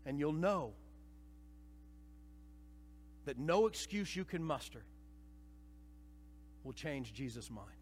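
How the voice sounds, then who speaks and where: A man preaching a sermon to a church congregation, dramatic, swinging between hushed and loud passages and acting out voices. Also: fairly high pitch, very animated, unhurried, a little hiss or hum. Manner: acts out quoted voices. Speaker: pastor. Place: church sanctuary. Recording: reverberant church hall.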